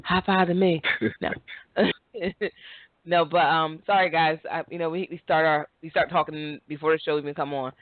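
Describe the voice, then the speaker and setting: A lively woman host spins a story in easy, casual talk, laughing as she goes. Her voice comes through a thin, phone-like line with no room sound. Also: deep voice, normal speed, no room sound. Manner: animated storyteller, laughs often. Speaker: podcast host. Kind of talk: casual chat. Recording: tinny phone-like line, dry.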